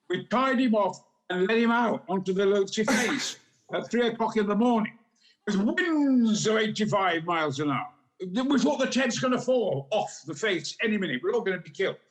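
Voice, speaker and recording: A man in his eighties with a Yorkshire accent, telling bawdy anecdotes in a booming, dramatic, theatrical style as a talk show guest. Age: 80s. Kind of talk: theatrical storytelling.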